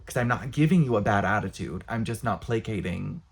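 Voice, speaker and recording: A man's voice: fairly low pitch, vocal fry, a little hiss or hum. A young man ranting casually to camera, exasperated, blunt and profane. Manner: exasperated, blunt, profane, talks with quick bursts. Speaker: vlogger.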